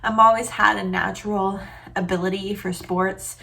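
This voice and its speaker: A woman's voice: mid-range voice, fairly even intonation, normal speed, vocal fry, bright, forceful tone. A woman in her twenties vlogging casually from her home kitchen, chatty and emotional, full of fillers. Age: 20s. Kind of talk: casual vlog chat. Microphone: camera on tripod.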